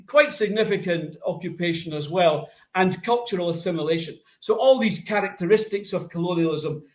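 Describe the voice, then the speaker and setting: A man speaking as a guest in a political discussion, earnest and lecturing, often repeating his words. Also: high-pitched. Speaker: guest academic.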